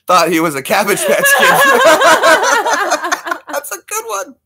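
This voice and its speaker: A man's voice: very high-pitched, huge pitch swings, drawn-out words, very noisy. A man in his thirties, co-hosting a casual stream and telling stories in a joking way, laughing often. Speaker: livestream co-host. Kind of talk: casual storytelling chat.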